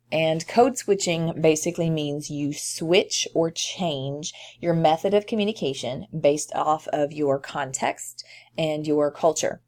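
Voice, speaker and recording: Low-voiced woman with a Tennessee accent. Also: a little mellow. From southern United States. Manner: conversational, with frequent ums. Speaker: teacher. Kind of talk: recorded lecture screencast.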